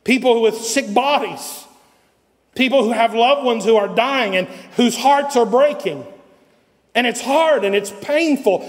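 High-voiced pastor preaching in a hall. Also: male voice. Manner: preaching with dramatic pauses and repetition. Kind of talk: sermon.

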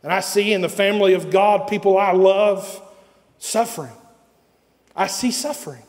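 A male pastor preaching a sermon with dramatic pauses and repeated phrases. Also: high-pitched, big-room sound.

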